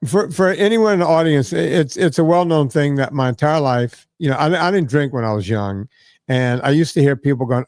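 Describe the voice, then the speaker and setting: A man hosting a podcast, telling a long anecdote in a relaxed, rambling way, with frequent fillers and "right?" asides. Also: fairly high pitch, a little fast, no echo, clean studio sound. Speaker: podcast host. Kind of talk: casual podcast chat.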